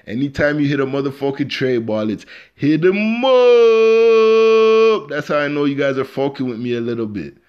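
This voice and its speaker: Low-voiced man hosting a podcast. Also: a little mellow, highs cut off. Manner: loose, slangy, profane, talks straight to listeners. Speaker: podcast host. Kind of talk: casual unscripted podcast monologue.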